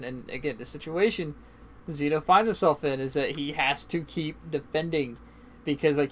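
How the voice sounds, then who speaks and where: A man giving casual, chatty play-by-play commentary on a strategy game match, swinging into excited bursts, and sounding tired. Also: on the high side, slight background noise. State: yawning, tired. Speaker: esports caster.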